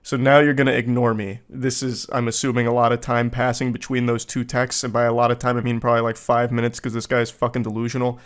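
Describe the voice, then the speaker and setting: A man's voice: mid-range voice, completely flat delivery, fast talker, hardly any pauses, smooth. Sarcastic man doing comedy commentary. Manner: dry, sarcastic, frequent swearing. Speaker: commentary host. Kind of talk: comedic commentary reading text messages.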